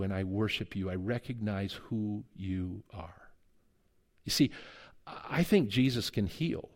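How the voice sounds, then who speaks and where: A man's voice: medium pitch, a little mellow. A middle-aged male pastor giving a conversational sermon, telling stories and acting out the dialogue in them. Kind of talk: sermon with storytelling.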